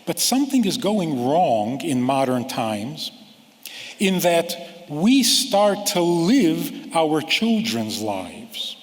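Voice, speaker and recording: Slow-speaking rabbi in a reverberant hall. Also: male voice, fairly high pitch. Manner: slow, deliberate, with long pauses and dramatic drops in voice. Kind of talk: sermon-style lecture. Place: large lecture hall.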